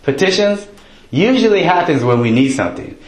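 A man preaching a sermon in a relaxed, joking, conversational way, raising his voice when he acts out people's prayers. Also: a little high, brisk. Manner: conversational, jokey, quotes prayers in raised voice. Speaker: pastor. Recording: roomy echo.

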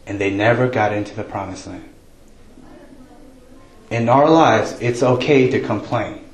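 A man preaching a sermon in a relaxed, joking, conversational way, raising his voice when he acts out people's prayers. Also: fairly low pitch, slow pace, long pauses. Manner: conversational, jokey, quotes prayers in raised voice. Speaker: pastor. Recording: roomy echo.

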